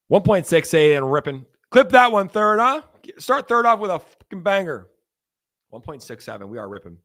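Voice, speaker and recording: A young man rattles through a casual livestream in an excited, joking way, with profanity thrown in. His voice sits at an everyday middle pitch. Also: moderate pace. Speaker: crypto streamer.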